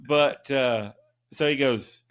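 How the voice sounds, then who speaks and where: A man's voice: mid-range voice, extremely slow, a bit bright. Rambling, easygoing male podcast co-host. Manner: rambling storyteller with many fillers. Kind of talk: casual chat.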